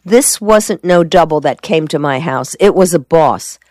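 A woman reading a rough, plain-spoken man from a storybook who talks bluntly and stubbornly. Her low voice carries him close to the mic in a dry space. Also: animated, measured pace, darkish tone, dry recording.

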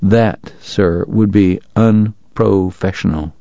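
A man's voice: deep voice, takes it slowly, creaky, warm tone, no echo, dull audio, full character voice. A man voicing a formal, long-winded Southern dentist and gambler with a drawl, in a read-aloud story. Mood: measured.

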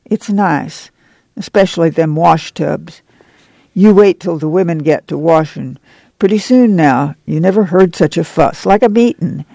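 A woman's voice: lowish voice, a little slow, vocal fry, dark tone, no room sound. Weary, guarded migrant mother, read by a man, plain rural speech, storybook reading, dry close sound. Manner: folksy rural dialect speech.

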